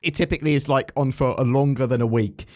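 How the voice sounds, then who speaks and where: A man's voice: mid-range voice, fairly even intonation, fast, darkish tone. A man hosting a casual chat about game news, rambling and asking his co-host questions.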